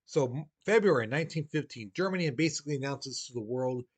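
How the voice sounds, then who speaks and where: A man's voice: mid-range voice, expressive, quick pace, few pauses, slightly rough. A male teacher giving a casual, conversational history lesson, acting out quoted voices as he explains.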